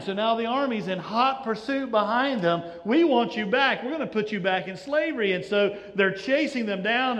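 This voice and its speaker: A man's voice: high-pitched, fairly bright tone, in a large hall. A male pastor giving a sermon, telling stories and acting out the voices of the people in them. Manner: storytelling, acts out quoted voices, shifting inflection.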